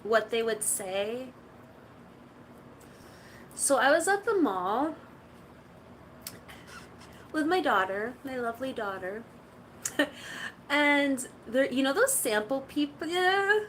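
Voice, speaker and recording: A woman's voice: high voice, lively intonation, takes it slowly, long pauses, fairly bright tone, slight background noise, poor audio. A woman chatting casually to her stream viewers, rambling through stories with lots of "like". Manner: rambling storytelling, full of "like". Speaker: live streamer.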